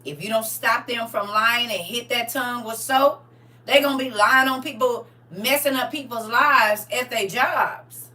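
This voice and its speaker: Animated woman preaching from a distance. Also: a little high, a little slow. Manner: animated, laughing, acts out little scenes. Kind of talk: casual spoken preaching.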